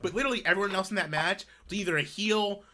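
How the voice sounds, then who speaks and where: Stream co-host, rapid and animated, bright tone, sarcastic wrestling talk. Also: mid-range voice. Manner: quick, animated, sarcastic commentary. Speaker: podcast co-host. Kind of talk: casual wrestling discussion.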